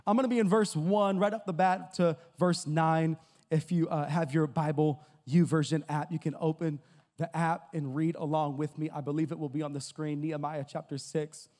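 A man's voice: high-pitched, darkish tone, in a large hall. A man preaching a sermon as guest preacher, energetically exhorting the congregation. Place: church sanctuary.

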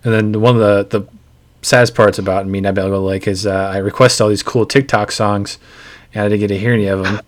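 A man's voice: on the low side, steady tone, fast talker. A man co-hosting a podcast in casual chat, easygoing and asking his friends questions. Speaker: podcast co-host.

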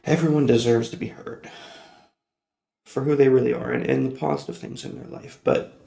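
A man with a medium-pitched, darkish voice and some vocal fry hosts a personal storytelling podcast. He rambles, corrects himself along the way, and laughs a lot, all captured in a roomy, echoey recording.

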